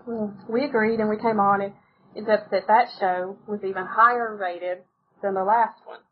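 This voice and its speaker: A woman's voice: mid-range voice, fairly even intonation, moderate pace. A talkative woman chats casually as an author on a podcast. Her stories run on loosely and she laughs easily. The sound is muffled, with a little background noise. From United States. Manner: chatty, storytelling, laughs often. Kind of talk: casual interview chat.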